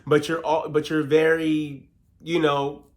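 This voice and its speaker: A man recapping a reality TV episode in casual, slangy talk, animated and quick to act out what the cast members said. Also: fairly high pitch.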